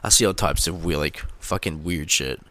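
A man's voice: low voice, moderate pace, a bit bright, slight background noise. A young man hosting a casual solo podcast, rambling with crude, sarcastic remarks and many filler words. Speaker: podcast host.

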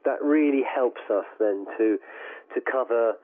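A man's voice: mid-range voice, a little slow, a little hiss or hum. A middle-aged man with a slight southern English accent, answering radio interview questions enthusiastically and rambling with restarts. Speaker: guest musician. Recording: tinny phone line.

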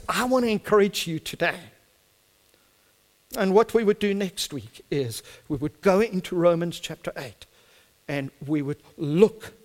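A man's voice: on the high side, long reverb tail. A middle-aged man with a South African accent, an Afrikaans speaker, preaching a sermon with fervent delivery that builds to emphatic peaks.

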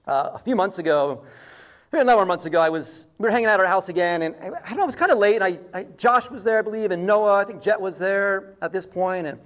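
A male pastor with a fairly high voice preaches in an easygoing, conversational way. He drifts into a lively personal anecdote with animated asides before settling into prayer. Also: quick pace. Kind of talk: sermon.

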